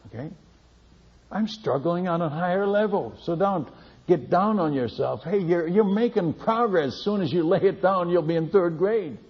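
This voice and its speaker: A man, a missionary, tells a lively testimony story, laughing and repeating words as he goes. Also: sits high, normal speed, breathy edge, big-room sound. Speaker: missionary speaker. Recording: dull lo-fi recording.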